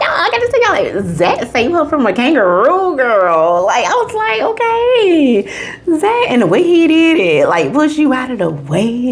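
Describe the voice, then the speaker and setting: A woman hosting a casual video review, chatty and gushing, talking straight to her viewers, sometimes dropping to a whisper and sometimes jumping to a squeal. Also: slight background noise. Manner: drops into hushed whispers and jumps to high squeals. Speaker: movie reviewer and channel host.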